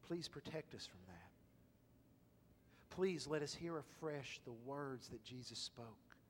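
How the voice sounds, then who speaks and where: A male pastor preaching a sermon, swinging from loud, emphatic exhortation to hushed whispers. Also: mid-range voice, lively intonation, slow pace, slight background noise. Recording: long reverb of a large hall.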